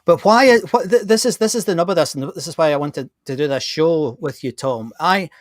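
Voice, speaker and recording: A man's voice: on the high side, a little fast, no echo, clean studio sound. A man hosting a podcast, talking bluntly and with energy in casual conversation, often restarting his sentences. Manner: animated, blunt, many restarts. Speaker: podcast host.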